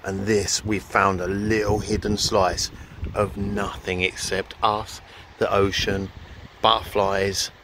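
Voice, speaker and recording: A man's voice: on the low side, little pitch movement, slow, fairly bright tone, a little hiss or hum, rough recording. A man hosting a casual food review vlog outdoors on the coast, cheeky and joking. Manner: cheeky, joking, laughs a lot. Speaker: food vlogger host.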